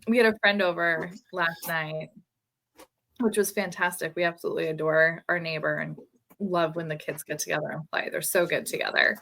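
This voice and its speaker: A woman in her thirties co-hosting a podcast, telling a story in casual chat in an animated way, laughing as she goes. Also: lowish voice, moderate pace, creaky. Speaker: podcast co-host.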